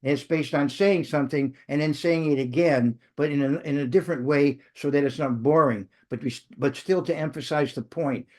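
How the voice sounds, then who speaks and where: A man's voice: fairly high pitch, a little fast, few pauses, darkish tone. A man teaching a Bible study who checks in with his listeners and often stumbles, restarts and corrects himself as he goes. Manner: many restarts and self-corrections, engaging; checks in with the audience.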